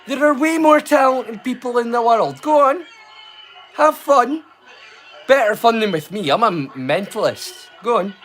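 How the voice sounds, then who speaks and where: A man's voice: very high voice, animated, a bit bright, soft background music. Sweary Scottish man rambling on stream. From Scotland. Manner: rambling, sweary, quick to laugh. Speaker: livestream host. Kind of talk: casual chat.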